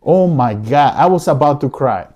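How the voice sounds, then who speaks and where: Male podcast host, mellow warm tone, mid-pitched, impassioned pleading monologue with frequent repetition. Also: expressive, normal speed. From United States. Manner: emotional, pleading, repeats himself. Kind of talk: impassioned solo commentary. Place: living room.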